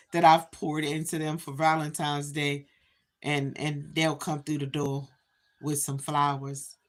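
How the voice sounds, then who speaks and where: A woman in her fifties chatting casually to viewers on a livestream, talking straight to them with lots of "you know"s. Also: sits low. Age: 50s. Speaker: livestream host.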